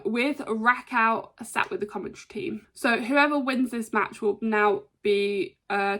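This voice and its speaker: A woman casually recapping a wrestling show, chatty with lots of ums and quick impressions. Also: mid-range voice, a bit bright. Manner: chatty, frequent ums, brief imitations of wrestlers.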